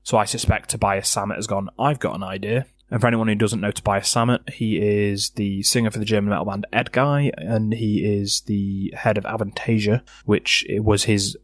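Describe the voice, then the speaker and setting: A man's voice: on the low side, fairly even intonation, normal speed, few pauses, no room sound. A man co-hosting a casual music podcast, blunt and opinionated. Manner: blunt, opinionated, hums riffs aloud. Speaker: podcast co-host. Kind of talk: casual chat about music.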